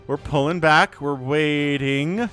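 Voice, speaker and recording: A man casting a strategy game match solo, giving excitable play-by-play with jokey asides and little voiced quips for the units. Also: on the high side, takes it slowly, faint music behind. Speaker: esports shoutcaster.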